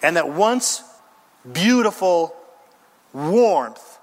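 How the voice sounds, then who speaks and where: A male pastor preaches with a high, lively voice that swings widely in pitch. His delivery is emphatic and theatrical, with pauses and rhythmic lists. The sound carries a long reverb from a church sanctuary. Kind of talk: sermon.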